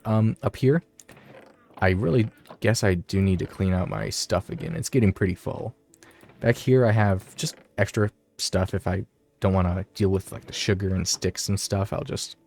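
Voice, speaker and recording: A man rambling through gameplay, low-pitched. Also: vocal fry. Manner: rambling, self-interrupting, easily excited. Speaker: gaming video creator. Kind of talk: casual gameplay commentary.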